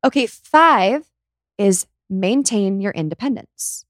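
A woman's voice: mid-range voice, animated, slow pace, dry recording, studio quality. A young woman co-hosting a casual chat, talking freely with many "like" fillers. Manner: chatty, lots of "like" fillers. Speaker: podcast co-host.

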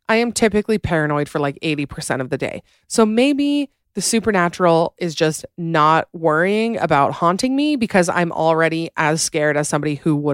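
A woman hosting a podcast, chatting casually and reading listener stories in an animated, giggly way. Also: low-pitched, no echo, studio quality. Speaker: podcast host. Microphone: podcast microphone.

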